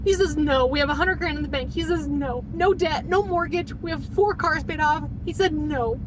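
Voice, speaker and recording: A woman's voice: normal speed, few pauses, slight background noise, rough recording. A woman in her thirties telling a painful personal story, her voice shaky as she holds back tears. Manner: fighting back tears, voice dropping low and shaky.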